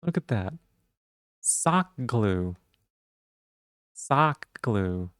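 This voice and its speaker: A man's voice: lowish voice, very animated, very slow, a bit bright, clear, resonant tone, dry recording, studio quality. A man streaming live, chatting casually and playfully while he repeats silly puns and rambles.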